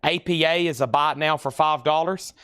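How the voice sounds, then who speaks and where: A man hosts a live record sale, listing each album's condition and price in a steady patter broken by chatty asides. His voice is smooth and clear, and sits a little high for a man. The sound is close and dry. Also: brisk, no echo.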